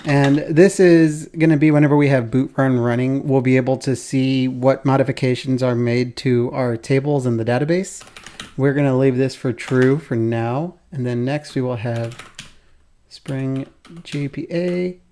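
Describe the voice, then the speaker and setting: A man's voice: medium pitch, fairly even intonation, measured pace, warm tone, a little hiss or hum. A man hosting a code-along programming tutorial, thinking aloud as he types, with keyboard typing behind him.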